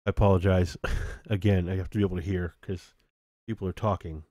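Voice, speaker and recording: A man's voice: deep voice, steady tone, a little fast, dark tone, dry recording. A man casually commenting on his own game stream, laughing at himself as he goes. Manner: self-mocking, laughs at himself.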